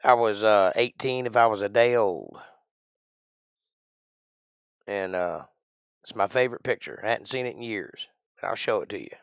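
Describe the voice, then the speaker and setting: A middle-aged man from Georgia with a Southern accent, chatting playfully and rambling on his livestream, now and then bursting out loud. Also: on the low side, normal speed, vocal fry, long pauses, clean tone, no echo, studio quality. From Georgia, USA. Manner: playful, rambling, jokey with sudden loud outbursts. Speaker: livestream host. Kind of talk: casual livestream chat.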